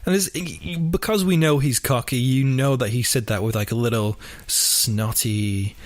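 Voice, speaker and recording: A man hosting a true-crime podcast, telling the story in an animated, sweary, casual way. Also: mid-range voice, moderate pace, no echo. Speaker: podcast host.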